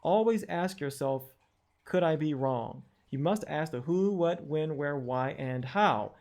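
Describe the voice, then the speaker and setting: A man's voice: a little high, animated, a little slow, a little mellow. A man giving an online lesson on checking sources, skeptical and questioning, with frequent fillers and restarts. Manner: skeptical, questioning, reads quotes aloud with wry asides. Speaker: educator explaining online research. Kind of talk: screen-share tutorial talk.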